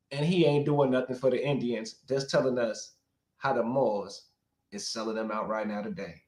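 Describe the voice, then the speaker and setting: A man's voice: mid-range voice, a little mellow, roomy sound. A man giving rambling livestream commentary, heated and profane, talking straight to his chat.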